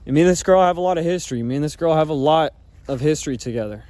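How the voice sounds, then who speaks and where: A man's voice: fairly high pitch, very fast, warm tone, no room sound. Casual rambling man telling his story. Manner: rambling, filler-heavy talk with frequent swearing. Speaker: vlogger telling a personal story.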